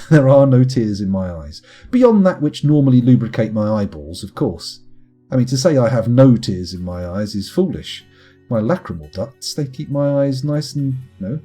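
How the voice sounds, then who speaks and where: A man live-streaming a game, talking to his chat in a rambling, self-mocking way. His voice is husky and mellow, and his pitch swoops widely. Faint guitar music plays in the background.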